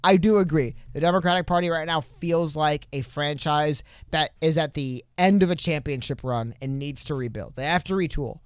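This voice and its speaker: A man with a high, smooth, clear voice co-hosts a casual political podcast. He rambles in an animated way, trailing into asides and restarting his sentences. The sound is dry, with no room echo. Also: normal speed, hardly any pauses. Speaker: podcast co-host.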